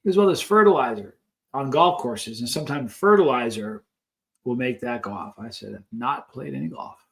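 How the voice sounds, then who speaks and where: Casting: male vlogger, mid pitch, chatty storyteller, snack-tasting asides. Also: expressive, moderate pace, creaky, fairly bright tone. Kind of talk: casual storytelling while taste-testing snacks.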